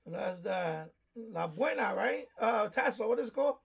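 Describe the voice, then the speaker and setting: Gravelly high-voiced New man. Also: lively intonation, normal speed, dull audio. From New York, USA. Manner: rambling, explains things with many fillers. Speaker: shortwave radio live stream host. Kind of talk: casual live stream chat.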